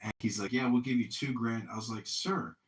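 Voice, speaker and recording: A man's voice: medium pitch, brisk. A man hosting a casual chat, telling profane stories and acting out the voices of the people in them. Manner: profane storytelling, acts out voices. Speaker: host. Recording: roomy, distant from the mic.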